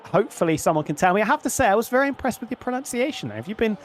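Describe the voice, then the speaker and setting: Fast-talking high-voiced male co-commentator. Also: sing-song, slight background noise. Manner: quick, chatty and opinionated. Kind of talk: sim racing colour commentary.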